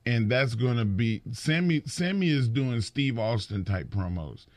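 A man holds forth in casual podcast talk, building his points with emphatic repetition. His voice sits at a middle pitch. The sound is dry and close. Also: unhurried, dry recording. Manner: emphatic, animated storytelling with repeated words. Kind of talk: casual chat.

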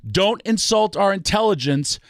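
A man's voice: high-pitched, lively intonation, moderate pace, no room sound, studio quality. A man ranting about wrestling on a talk show, emphatic and full of rhetorical questions. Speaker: wrestling podcast guest. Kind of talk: passionate ranting commentary.

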